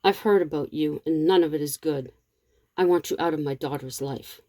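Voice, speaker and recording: A woman's voice: deep voice, moderate pace, dark tone, natural voice. A woman reading as a stern, protective father. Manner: firm, commanding.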